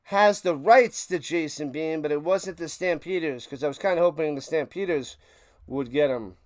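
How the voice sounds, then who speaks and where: Chatty high-voiced man calling plays. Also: smooth, no room sound. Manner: chatty, jokey, calls plays in bursts of excitement. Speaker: livestream play-by-play host. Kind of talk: casual play-by-play watch party commentary.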